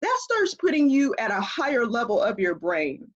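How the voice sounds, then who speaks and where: Woman expert guest, husky voice with lively pitch, explaining over a dull video call line. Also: moderate pace. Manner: animated, explanatory, laughs often. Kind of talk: conversational interview.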